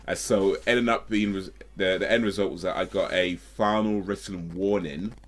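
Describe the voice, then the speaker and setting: Low-voiced man telling a story. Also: steady tone, normal speed. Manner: rambling, self-correcting, with frequent fillers and asides. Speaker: streamer. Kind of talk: casual storytelling while streaming.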